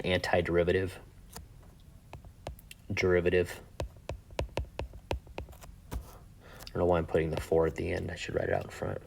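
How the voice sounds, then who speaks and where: A man teaching a math lesson in a relaxed, chatty way, thinking aloud with fillers and asides. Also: sits low. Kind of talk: casual whiteboard lesson.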